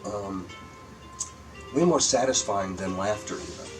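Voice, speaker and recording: An older comedian from Michigan, telling profane anecdotes in a casual interview and acting out quotes. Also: male voice, lowish voice, lively intonation, measured pace, recorded from a distance, soft background music, poor audio. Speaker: guest comedian. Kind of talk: casual storytelling chat.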